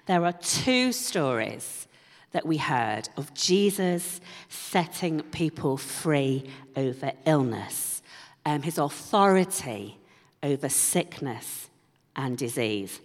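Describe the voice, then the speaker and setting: A woman preaching a sermon, slow and unhurried, her pitch rising and falling with lively animation. She drops playful asides to the congregation, and her voice carries a long reverb from the church hall. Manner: humorous, conversational asides.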